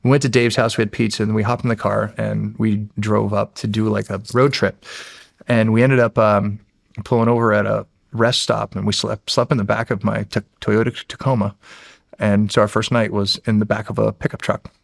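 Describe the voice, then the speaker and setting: Gravelly middle-aged American man telling stories. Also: fairly low pitch, moderate pace, dry recording, studio quality. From United States. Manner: animated, loose, many fillers and restarts. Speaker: podcast guest, former Navy SEAL. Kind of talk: casual storytelling.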